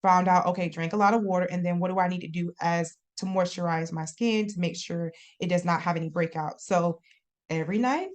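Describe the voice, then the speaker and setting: A young adult woman talks as a guest on a podcast in a relaxed, conversational way. Her voice sits a little low, and she is expressive and laughs easily. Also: brisk. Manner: chatty and expressive, laughs often. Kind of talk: casual interview chat.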